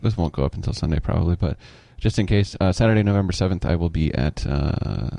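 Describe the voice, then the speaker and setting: A man co-hosting a casual podcast, a comedian who keeps the jokes coming in a dry, offhand way. His voice is low and dark in tone. The recording is dry, with no room sound. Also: creaky, dry recording. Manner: dry joking, quick quips. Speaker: comedian co-host.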